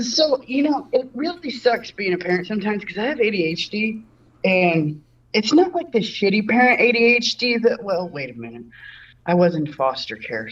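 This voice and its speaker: A woman's voice: lowish voice, a bit bright. Woman, stand-up comic, rambling, self-interrupting, home video call, distant muffled mic. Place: home room.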